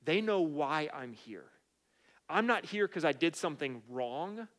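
A man's voice: fairly high pitch, expressive, unhurried, fairly bright tone. Man preaching a story-driven sermon. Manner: conversational preaching with storytelling asides. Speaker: pastor.

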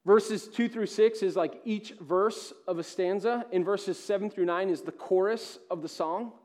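A man with a notably high-pitched voice preaches a sermon as a pastor. He presses hard on key points, then drops to a hushed, low-volume delivery. His style is impassioned and earnest from the pulpit. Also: measured pace. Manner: impassioned preaching, swinging between loud emphasis and hushed tones.

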